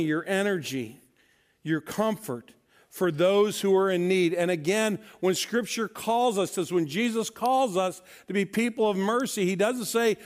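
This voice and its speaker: High-voiced man preaching a sermon. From Missouri, USA. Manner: storytelling with acted-out dialogue, emphatic. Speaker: pastor.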